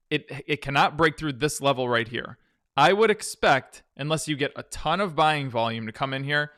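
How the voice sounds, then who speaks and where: A man's voice: medium pitch, pushed and bright, no echo, clean studio sound. A man hosting a live stock trading stream, chatting casually with viewers and talking through charts. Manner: chatty, answers viewer questions while reading charts; hums 'dun dun dun' between tickers. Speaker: stock trading livestream host. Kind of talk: casual live market commentary.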